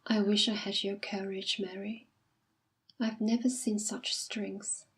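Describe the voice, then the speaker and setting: A woman's voice: mid-range voice, little pitch movement, slow pace, fairly bright tone, slightly rough, heavily acted. A woman reading aloud as a remorseful young man who earnestly pleads with his fiancée. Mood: pleading. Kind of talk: audiobook reading.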